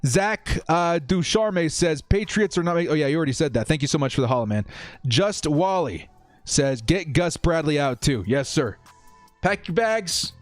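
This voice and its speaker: A man's voice: a little high, animated, normal speed, dry recording, faint music behind. A young man hosting a casual live stream, reading viewer comments aloud and laughing often.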